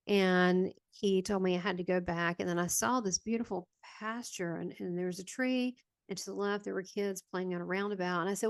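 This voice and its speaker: A woman's voice: mid-range voice, steady tone, fairly quick, clean tone, dry recording. A woman with a Southern American accent, a guest medium recounting a personal near-death story in a meandering, hesitant way with many fillers. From Southern United States.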